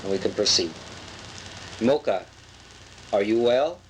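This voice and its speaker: A woman's voice: a bass voice, unhurried, background noise. A woman playing a giggly trance medium. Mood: coaxing. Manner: animated, giggling, coaxing. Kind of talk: comic mock séance.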